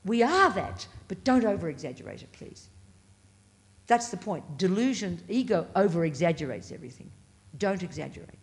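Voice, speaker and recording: Woman teaching buddhism to a class, lowish voice, punchy and blunt, jumps up on key words. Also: big pitch swings, normal speed. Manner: emphatic, blunt and playful; pitch leaps up on stressed words. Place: meditation center classroom.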